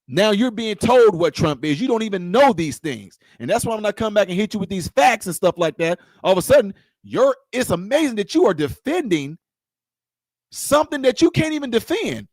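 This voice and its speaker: A man holds forth in a heated political rant to his viewers. His voice sits high for a man and is captured in a dry, close space with no room sound. He talks confrontationally, circling back to the same lines and challenging the listener with question after question. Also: very animated, fairly quick, darkish tone, no room sound. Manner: confrontational, repetitive, rhetorical questions. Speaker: political commentator.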